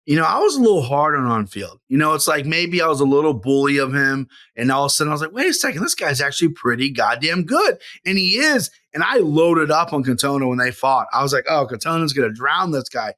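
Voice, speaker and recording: A man with a fairly high voice breaks down fights on a podcast. He talks in an animated way and swears casually. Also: quick pace, hardly any pauses. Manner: animated, profane, laughs easily. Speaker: podcast co-host and analyst. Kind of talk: casual sports podcast chat.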